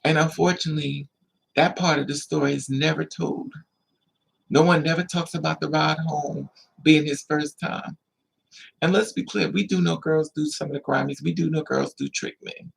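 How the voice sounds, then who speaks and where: Vlogger, male, a little higher-pitched, gravelly and husky; animated storyteller who acts out the other people in his story. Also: moderate pace. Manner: repetitive, emphatic. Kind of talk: storytelling monologue.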